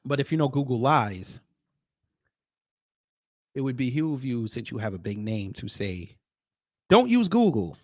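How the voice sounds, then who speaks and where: A man hosting casual reaction commentary who talks to viewers directly, swinging between loud emphasis and muttered asides. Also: mid-range voice, a little slow, pauses often, no echo, studio quality. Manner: addresses viewers directly as folks. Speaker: commentary host.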